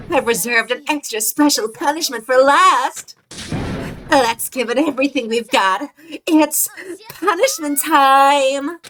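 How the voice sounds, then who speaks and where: A woman's voice: high-pitched, fairly bright tone, slight background noise, pitched above the performer's own voice. A woman reading a game's villainous schoolgirl mastermind, obsessed with despair, in a melodramatic, mood-swinging voice. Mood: ecstatic. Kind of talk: reading game dialogue aloud.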